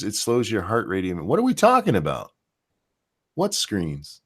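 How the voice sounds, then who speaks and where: A man's voice: lowish voice, huge pitch swings, moderate pace, a bit bright, husky. A man hosting a podcast, talking in a casual, profane, rambling way about the news. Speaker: podcast host. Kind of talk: casual opinion chat.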